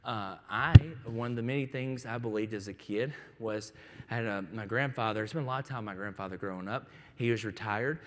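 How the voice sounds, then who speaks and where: A man's voice: on the low side, fairly bright tone. A man preaching a sermon as a pastor, telling stories in a conversational way and acting out the voices of the people in them. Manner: conversational storytelling with quoted voices. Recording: long hall reverb.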